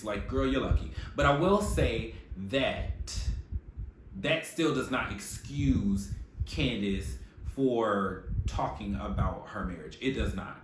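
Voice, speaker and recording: A man's voice: lowish voice, slow pace. Sassy, profane man in an echoey room. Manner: sassy, profane, animated commentary with slang. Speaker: reality TV recap host. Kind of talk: casual opinionated recap. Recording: echoey room with faint noise.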